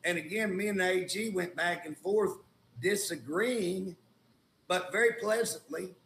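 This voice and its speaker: Folksy indignant Oklahoma man, gravelly. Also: sits high, measured pace, fairly bright tone, reverberant, a little hiss or hum. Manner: folksy, indignant storytelling with colloquial grammar. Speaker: state legislator, guest. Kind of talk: casual talk show conversation.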